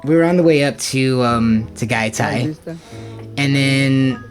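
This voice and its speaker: A man's voice: mid-range voice, slow pace, over music. Rambling casual male vlogger. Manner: rambling, filler-heavy storytelling with lots of "like" and "dude"; ranting and exasperated. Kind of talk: casual travel recap to camera.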